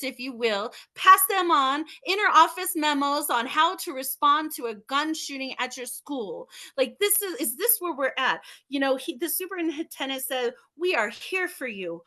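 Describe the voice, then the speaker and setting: A woman's voice: sits high, bright, forceful tone. A mother hosting a podcast over a video call, speaking with emotional outrage and firing off rhetorical questions. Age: young adult to middle-aged, a mother. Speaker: podcast host. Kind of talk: impassioned talk on a video call.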